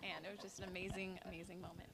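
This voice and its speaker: A woman's voice: on the low side, level tone, rapid-fire, crowd noise. A young woman in her twenties giving an emotional personal testimony as a guest, telling her story with lots of animation. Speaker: guest, pageant winner.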